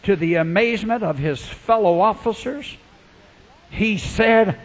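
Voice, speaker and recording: A man preaching a revival sermon, fervent and storytelling, swinging from quiet asides to shouting and acting out the people in his stories. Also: high voice, a little slow.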